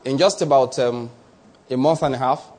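Husky Nigerian preacher man. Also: medium pitch. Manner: animated preaching, drawn-out emphasis, chuckles. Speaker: pastor. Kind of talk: sermon.

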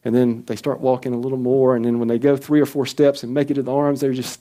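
A man's voice: quick pace, few pauses, warm tone. A man preaching a sermon in an earnest, conversational way, acting out quoted prayers. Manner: earnest, acts out quoted prayers with rising pitch. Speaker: pastor.

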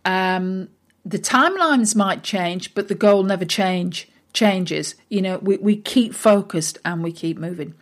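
A woman's voice: mid-range voice, unhurried. A woman, a business coach for recruitment firms, giving a casual motivational talk in a chatty, informal way with lots of fillers.

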